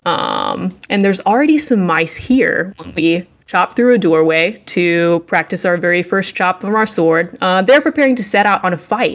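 A woman's voice: fairly low pitch, big pitch swings, moderate pace, hardly any pauses. A young adult woman co-hosting a podcast, recapping a game with sarcasm and mock-heroic acted lines. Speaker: podcast co-host. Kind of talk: casual game review chat.

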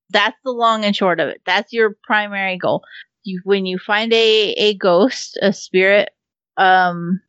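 A chatty woman talking about a game she loves, with frequent laughs, casual swearing and plenty of ums. Her voice is at an ordinary middle pitch for a woman. The recording is dull and muffled, and the sound is dry with no room echo. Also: a bit bright, clear, resonant tone. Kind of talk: casual chat.

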